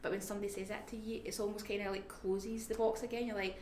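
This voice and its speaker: A woman, talking candidly in an interview about caring for a family member, speaking reflectively and haltingly, at times dropping to a near-whisper. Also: medium pitch, flat delivery, a little mellow. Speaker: family carer. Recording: echoey room, faint background noise.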